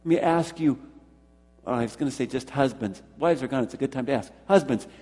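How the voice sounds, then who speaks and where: A man's voice: mid-range voice, fairly quick, mellow, soft background music. A pastor preaching a sermon to his congregation, leaning on repeated words for emphasis and putting questions to the listeners. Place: church hall with congregation. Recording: long hall reverb.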